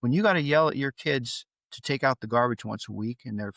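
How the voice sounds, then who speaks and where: A middle-aged father, a podcast guest, telling candid stories in a blunt, animated way that rises when he gets worked up. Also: medium pitch, fairly quick, vocal fry, no echo.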